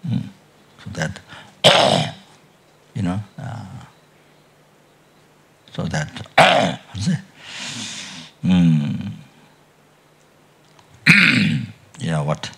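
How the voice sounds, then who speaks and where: A very low, gravelly older man giving a Buddhist dharma talk, his voice husky. He speaks very slowly and haltingly, restarting phrases and coughing or clearing his throat often. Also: sing-song, sharp tone. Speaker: Buddhist teacher.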